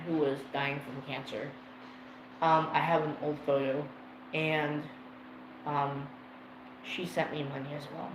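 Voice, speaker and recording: A man hosting a livestream, telling a personal story in a rambling, emotional way and swearing freely. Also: on the high side. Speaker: livestream host. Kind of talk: casual storytelling to a live chat. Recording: roomy echo with faint ambient noise.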